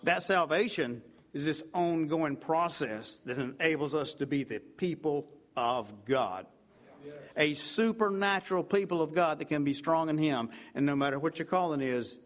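Preaching with fervor at a normal speed, an expressive man keeps repeating "I tell you what," his delivery rising to loud, emphatic highs and dropping to hushed lows.

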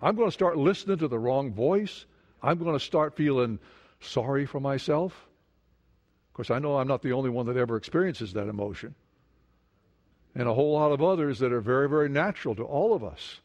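A pastor delivers a sermon in a medium-pitched, slightly mellow voice, speaking fairly quickly and with animation. He poses questions to the congregation and repeats words for emphasis, and a long hall reverb trails his speech.

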